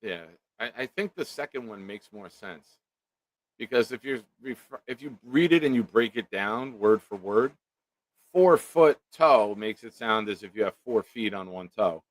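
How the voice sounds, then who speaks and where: A man's voice: fairly low pitch, measured pace, no room sound. A man hosting a casual live-stream chat, joking around and reading viewer comments aloud. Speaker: show host.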